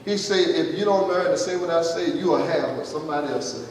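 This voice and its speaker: A man's voice: on the high side, quick pace, far from the mic. A man preaching a sermon as pastor, emphatic and conversational, calling out to the congregation. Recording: echoey hall, mic from afar, faint noise.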